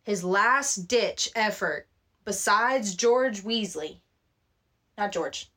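A woman co-hosting a podcast in casual chat, who slows down to stress her points. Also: medium pitch, animated, sharp tone. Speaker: podcast co-host.

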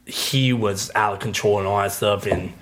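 A man's voice: lowish voice, steady tone, normal speed, a bit bright. A man who is a podcast guest, talking casually and rambling with many fillers. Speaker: guest, die-hard football fan. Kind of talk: casual chat.

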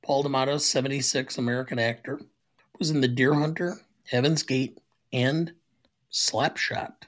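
A man's voice: medium pitch, fairly even intonation, normal speed. An older man co-hosting a movie podcast with his son, reading names plainly and chatting casually. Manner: plain, reads memorial list steadily. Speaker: podcast co-host.

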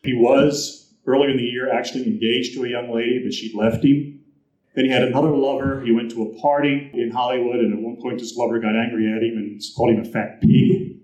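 A man at a live event recounting old film stories with a storyteller's flair, slipping into the voices of the people he quotes. His voice sits at an ordinary pitch and carries the echo of a large room. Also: little pitch movement, brisk, darkish tone. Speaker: film historian speaker. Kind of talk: anecdotal talk to an audience.

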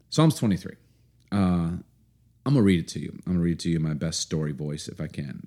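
Deep-voiced earnest male pastor. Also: darkish tone. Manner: earnest, unhurried, many fillers and restarts. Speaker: pastor and podcast co-host. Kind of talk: casual podcast talk and scripture reading.

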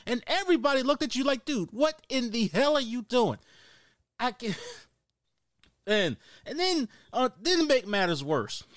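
A man's voice: extremely high pitch, a bit bright, dry recording, clean studio sound. A man co-hosting a sports podcast, ranting emphatically with repeated points and rhetorical questions. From Philadelphia. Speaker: podcast co-host. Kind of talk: heated sports rant.

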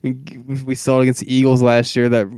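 A young man with a smooth, clear voice talks football in loose podcast banter. He rambles and hedges constantly, close to a dry mic. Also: mid-range voice, completely flat delivery, moderate pace, darkish tone, dry recording. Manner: rambling, hedging with "like" and "I mean". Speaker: podcast co-host. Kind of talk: casual sports chat.

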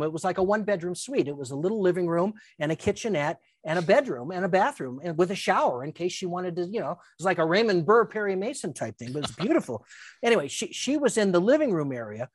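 An older woman, a guest, telling a casual anecdote with lively restarts, stammers and acted-out quotes. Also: on the low side, a little fast, dry recording.

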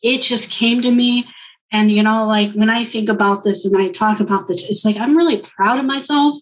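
A woman's voice: on the high side, fairly even intonation, normal speed, rough recording. A woman guest telling her personal story in an interview, reflective and full of filler likes.

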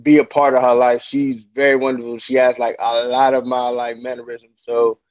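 A man's voice: medium pitch, normal speed, dry recording, muffled recording. A young man chatting as a podcast guest about fatherhood, loose and laid-back, laughing often and acting out what people said. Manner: animated storyteller who acts out quotes in a raised voice. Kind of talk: casual interview chat.

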